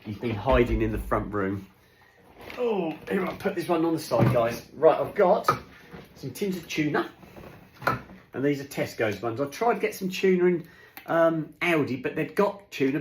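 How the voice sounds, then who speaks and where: Guy vlogging from his kitchen, chatty and rambly, roomy echo, bit of background hiss. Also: medium pitch. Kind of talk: casual chat. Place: kitchen at home.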